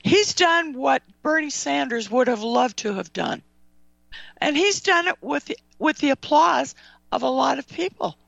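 A woman's voice: high voice, expressive, a little slow, creaky, a bit bright, no room sound. A woman hosting a talk radio show, ranting angrily about current affairs with apologetic asides. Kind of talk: heated talk radio chat. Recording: dull dry radio audio.

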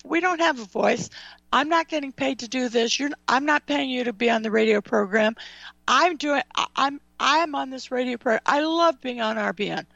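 A high-pitched woman with a gravelly edge, ranting on talk radio with heated frustration and quick apologies. Her voice comes through dry, as if close to the mic. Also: a bit bright, no echo. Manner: angry, ranting, apologetic asides. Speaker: radio show host. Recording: dull dry radio audio.

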